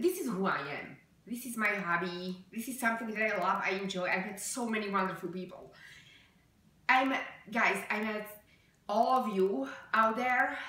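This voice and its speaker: A woman speaks to her viewers in a personal vlog, earnest and emotional, halting on fillers and restarts. Her voice is bright and forceful. She sits away from the mic in a very echoey room. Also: mid-range voice, far from the mic. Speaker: vlogger. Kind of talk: personal vlog talk to camera.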